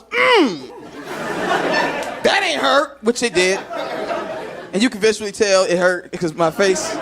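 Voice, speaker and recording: A man's voice: very high-pitched, noisy background. A man from Chicago doing a stand-up routine, telling a story and acting out the voices of people in it. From Chicago, USA. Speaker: stand-up comedian. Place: comedy stage before a live audience. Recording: live club recording with loud crowd. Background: loud audience laughter.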